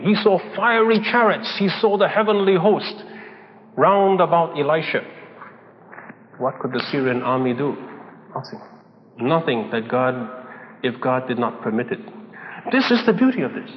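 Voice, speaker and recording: A man preaching a sermon, telling a story and acting out its dialogue, often laughing as he goes. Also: on the high side. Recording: old lo-fi recording in a reverberant hall with faint noise.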